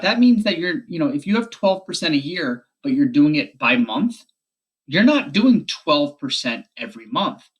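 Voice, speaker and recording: A man teaching a math lesson on a recorded video, explaining quickly and correcting himself as he goes. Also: on the high side, a bit bright, slightly rough.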